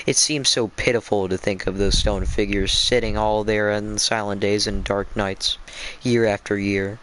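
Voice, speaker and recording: A man's voice: fairly low pitch, fairly bright tone, smooth. A drowsy man on a casual stream, reading a book aloud and chatting, often stumbling over words and restarting. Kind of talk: casual live-stream storytelling.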